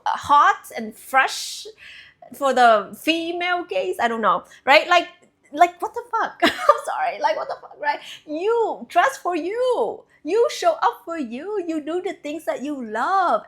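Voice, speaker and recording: A young woman, a spiritual coach, giving a casual, animated talk to her viewers, playful and quick to laugh, with casual swearing. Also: high voice.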